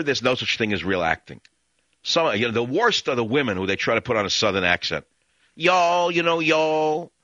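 A man's voice: fairly low pitch, pushed and bright, no echo, dull audio. An older man hosting a radio talk show, rambling and sarcastic as he airs his opinions in a monologue.

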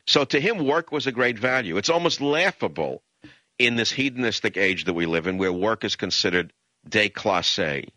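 An older man from the Bronx, hosting a radio talk show in an impassioned, emphatic monologue that swings into high, mocking rants. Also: expressive, moderate pace, pushed and bright, no room sound. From the Bronx, New York.

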